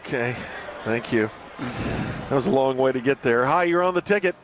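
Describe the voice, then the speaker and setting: A man hosting a radio sports call-in show, taking caller votes with quick, wry remarks and easy laughs. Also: mid-range voice, a little hiss or hum. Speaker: radio sports talk host. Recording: dull lo-fi radio broadcast.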